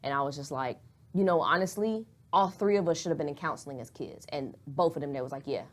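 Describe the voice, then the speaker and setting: A young woman with a lowish voice, chatting on a podcast. She talks frankly and earnestly, rambles, and swears without a second thought. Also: fast. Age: young adult. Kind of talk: casual podcast chat.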